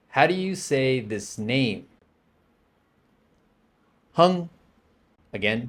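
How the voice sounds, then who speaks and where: A man teaching a language lesson, patiently explaining and modeling words for the listener to repeat. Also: medium pitch.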